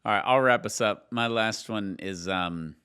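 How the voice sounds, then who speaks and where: A man's voice: lowish voice, measured pace, clear, resonant tone. A man hosting a podcast, chatting casually and telling stories with jokey asides. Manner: animated storyteller, jokey asides. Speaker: podcast host.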